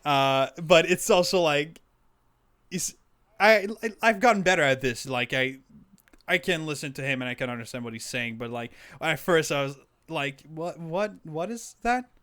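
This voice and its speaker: A man's voice: a little high, moderate pace, a bit bright, clear, resonant tone. A man co-hosting a podcast, rambling casually with lots of fillers and chuckles. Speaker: podcast co-host. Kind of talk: casual chat.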